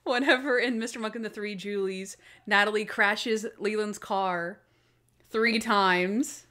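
A woman co-hosting a casual podcast, chatting about favorite TV scenes. She tells them in an animated way and slips into the characters' voices for the quoted lines. Her pitch sits in a middle range. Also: unhurried. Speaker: podcast co-host. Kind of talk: casual chat recapping TV episodes.

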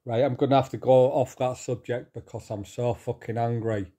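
A middle-aged man ranting angrily to his viewers, swearing, repeating himself and pausing to calm down. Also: mid-range voice. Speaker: vlogger. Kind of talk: angry rant to camera.

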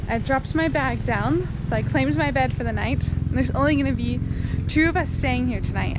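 A woman's voice: on the high side, darkish tone, slight background noise. Chatty young woman vlogging on the go. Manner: chatty, upbeat, often laughing. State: out of breath while walking uphill. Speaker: travel vlogger. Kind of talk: casual travel vlog narration. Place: outdoors and in a small town, walking. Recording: music playing behind her voice.

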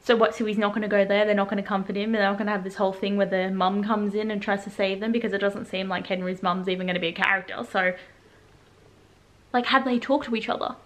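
A young woman chatting in a casual reaction vlog at home, full of "like" fillers and excited asides. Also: medium pitch, quick pace. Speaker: book vlogger. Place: at home in pajamas.

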